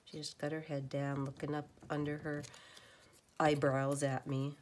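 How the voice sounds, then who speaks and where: A woman chatting casually at her home craft table, rambling and often dropping into a soft whisper. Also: extremely low pitch, fairly even intonation, measured pace, slight background noise. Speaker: crafter making journal ephemera.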